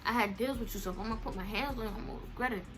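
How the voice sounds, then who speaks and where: A woman's voice: on the high side, very fast, music in the background. A young woman vlogger telling a story in a casual, slangy, profane way. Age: young adult.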